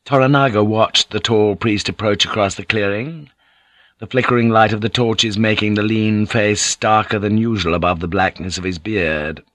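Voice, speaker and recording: A man reading an audiobook in a measured, even narration. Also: on the low side, no echo. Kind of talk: scripted narration.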